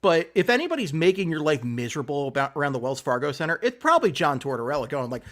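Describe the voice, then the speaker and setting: Animated, jokey man with a lively high voice. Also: fast, hardly any pauses. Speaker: podcast co-host. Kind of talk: casual hockey podcast chat.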